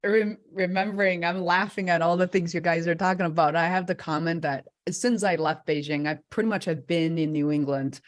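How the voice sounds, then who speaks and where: A woman hosts a casual interview chat in a fairly low voice. She talks in an animated way, laughs easily and jumps higher when she acts out what others said. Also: a little fast, few pauses. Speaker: host.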